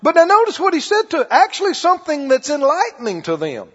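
A man preaching a sermon in an animated way, drawing call-and-response from his congregation. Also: extremely high pitch, fast. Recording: dull audio with long hall reverb.

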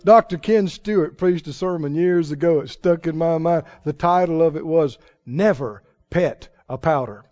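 Slow, high-pitched male preacher, dramatic booming-to-hushed delivery, dull dry recording. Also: steady tone. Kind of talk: sermon.

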